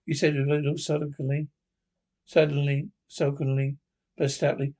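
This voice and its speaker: A man reading a children's book aloud in an unhurried, halting way. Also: on the high side, fairly even intonation, warm tone. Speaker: reader.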